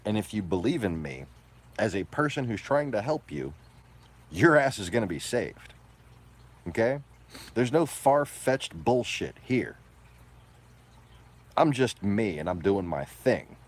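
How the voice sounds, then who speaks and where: Man, deep husky voice, lively swooping pitch, profane combative rant. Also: a little slow, pauses often. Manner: profane, combative, swinging from low mutters to loud outbursts. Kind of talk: ranting monologue to camera.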